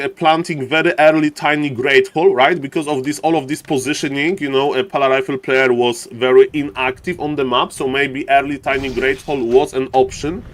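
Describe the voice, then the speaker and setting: A man from Poland with a thick Polish accent, giving live esports commentary for a stream audience and often calling out to "ladies and gentlemen" with jokey asides. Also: medium pitch. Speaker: esports caster.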